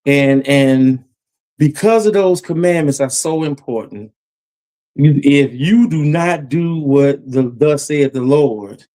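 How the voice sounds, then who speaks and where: A man's voice: a little high, slow pace, mellow. A man preaching a Bible lesson about judgment, emphatic and repetitive, his voice climbing as he warns. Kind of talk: Bible teaching sermon.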